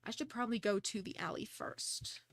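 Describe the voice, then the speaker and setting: A woman's voice: mid-range voice, expressive, moderate pace, creaky, no room sound. A young woman streaming a detective game, chatting casually, second-guessing herself aloud, and reading the dialogue. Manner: chatty, self-deprecating, talks through her choices.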